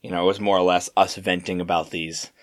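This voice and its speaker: A young man co-hosting a podcast, telling work stories in a rambling, animated way with lots of fillers and restarts. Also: low-pitched, fairly quick. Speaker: podcast co-host. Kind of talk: casual storytelling chat.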